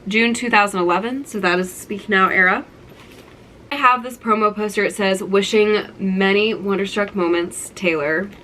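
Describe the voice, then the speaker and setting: A young woman in her twenties hosts a casual show-and-tell vlog, gushing and nostalgic as she holds up old keepsakes. Her voice sits at an ordinary middle pitch for a woman. She fills her talk with "like". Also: normal speed, sharp tone, slight background noise, rough recording. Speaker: vlogger.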